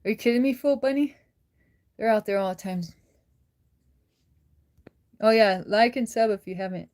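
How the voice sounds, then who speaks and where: A woman's voice: fairly high pitch, normal speed, darkish tone. A woman hosts a casual livestream, talking with viewers and laughing easily. She says she is worn out, and she chats along loosely, reacting to comments as they come in. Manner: chatty, laughs often, answers viewer comments. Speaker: livestream host.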